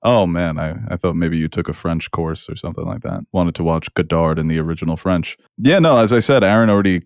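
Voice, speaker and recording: A man's voice: sits low, quick pace, dry recording, clean studio sound. A man co-hosting a movie podcast, making wry jokes and easing into a film review in casual chat. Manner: wry, joking, easygoing. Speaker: podcast co-host.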